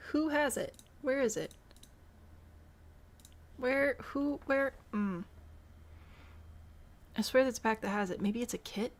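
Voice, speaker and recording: A woman's voice: high-pitched, expressive, takes it slowly, long pauses. Chatty woman with mild Midwestern accent. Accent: mild Midwestern American. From Michigan, US Midwest. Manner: chatty, thinks aloud and answers chat questions. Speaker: streamer. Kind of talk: casual live-stream chat while building in a game.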